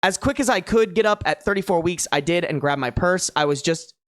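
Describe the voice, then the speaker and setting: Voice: medium pitch, fairly quick, fairly bright tone, no room sound, studio quality. A streamer reading online posts aloud in a casual, slangy way, breaking off for exasperated, disbelieving reactions. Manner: exasperated, incredulous reactions between read passages; slangy and casual, calls listeners bro and dude.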